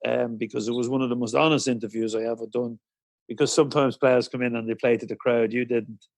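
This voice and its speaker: A man hosting a podcast, asking questions in a relaxed, conversational way. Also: mid-range voice, dry recording. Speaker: podcast host. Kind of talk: casual interview.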